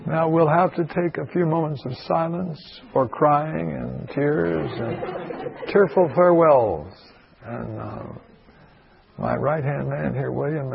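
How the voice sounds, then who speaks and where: A pastor with a creaky, mid-range voice tells a folksy story to an audience in a meeting hall, rambling and digressing with plenty of asides. The sound is lo-fi.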